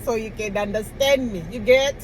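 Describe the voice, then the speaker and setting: A woman's voice: a little high, moderate pace, slight background noise, low-quality recording. A woman vlogger telling stories about learning to speak the way people do in her new country, acting out little dialogues and laughing as she goes. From outside the US. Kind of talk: casual storytelling to camera.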